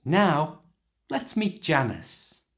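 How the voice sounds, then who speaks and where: A man with a British accent teaching English pronunciation in a slow, clear, demonstrating way. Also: on the high side, sing-song. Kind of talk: scripted pronunciation lesson.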